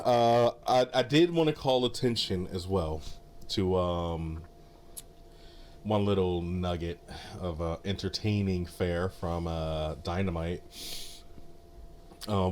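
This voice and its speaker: A man's voice: deep voice, slow, a little hiss or hum. A man co-hosting a wrestling podcast in casual chat, laughing often and padding with fillers. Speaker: podcast co-host.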